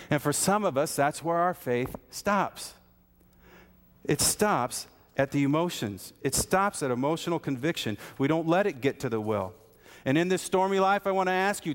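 A man preaching a sermon, telling folksy stories and asking repeated rhetorical questions of his congregation. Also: on the high side. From American Midwest. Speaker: pastor. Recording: hall reverb.

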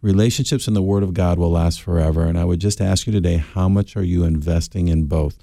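Middle-aged male radio guest, dark gravelly tone, earnest and halting, dry booth mic. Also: low voice, steady tone, no echo. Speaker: guest Bible teacher. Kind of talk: radio call-in Bible answers.

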